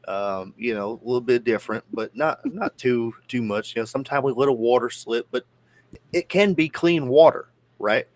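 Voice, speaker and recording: A man's voice: mid-range voice, moderate pace, no echo. A man from near the Georgia-Tennessee border with a Southern accent, co-hosting a casual podcast chat with rambling, profane, jokey storytelling. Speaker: podcast co-host.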